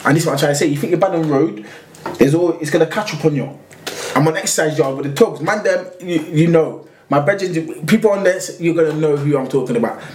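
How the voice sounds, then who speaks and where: A man's voice: fairly high pitch, quick pace. A man with a London accent telling a long story in casual, slang-filled chat. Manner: slangy, rambling, animated retelling. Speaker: podcast guest telling his story. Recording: echoey room with faint noise.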